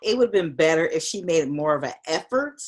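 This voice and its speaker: Calm woman, low husky voice. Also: brisk. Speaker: podcast co-host. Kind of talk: casual reality-TV recap chat.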